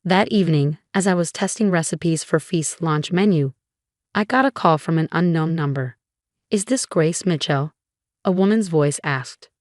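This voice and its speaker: A woman reading a scripted first-person revenge story in an even, measured way. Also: low-pitched, no room sound, studio quality. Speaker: narrator.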